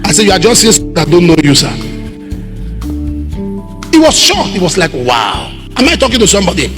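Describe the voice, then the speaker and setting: High, lively Nigerian preacher in a hall. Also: male voice, brisk. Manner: emphatic preaching with repeated rhetorical questions, bursts of shouting. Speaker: pastor. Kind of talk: sermon. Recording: reverberant hall with loud music behind.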